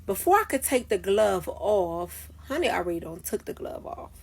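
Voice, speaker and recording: Husky woman telling a profane story. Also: medium pitch, sing-song, moderate pace, a little mellow. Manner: profane, emphatic, dramatic retelling. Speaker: storyteller recounting her work night. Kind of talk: casual storytime monologue. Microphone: phone.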